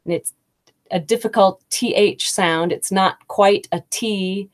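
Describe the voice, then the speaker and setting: A woman in her thirties hosting a live English lesson, explaining slowly and kindly with examples. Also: medium pitch. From United States. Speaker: English teacher and host. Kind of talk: live-streamed teaching talk.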